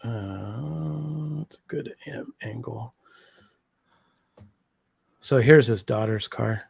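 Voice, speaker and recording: A man's voice: mid-range voice, very slow, gravelly, slightly rough, no room sound, studio quality. A man in his thirties co-hosting a casual livestream chat, enthusiastic and rambling, full of slang and fillers. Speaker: co-host.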